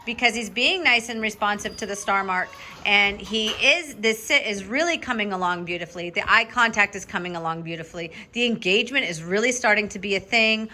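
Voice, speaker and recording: A woman dog trainer coaching a student through a lesson in an upbeat, directive way, often checking in with "okay?" and breaking into bursts of high praise for the dog. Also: fairly quick, hardly any pauses, sharp tone, slight background noise.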